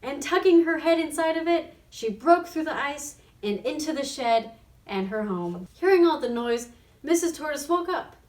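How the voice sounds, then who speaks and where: Animated woman reading a storybook. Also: sits high, normal speed. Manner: expressive, animated. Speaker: reader of a children's book. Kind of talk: storybook read-aloud on radio. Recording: roomy sound from a distant mic.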